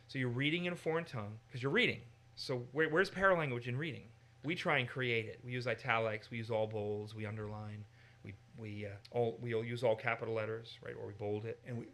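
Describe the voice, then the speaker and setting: An American man teaching in a casual discussion, animated and given to acting out voices in his examples. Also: medium pitch, a little fast. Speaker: Bible teacher.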